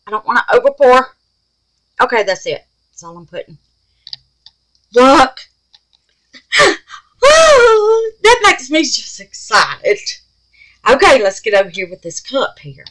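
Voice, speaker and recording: Excitable woman talking to herself. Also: mid-range voice, low-quality recording. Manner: excitable, gasps and exclaims, mutters to herself. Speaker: craft channel host. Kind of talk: casual crafting vlog, talking to herself.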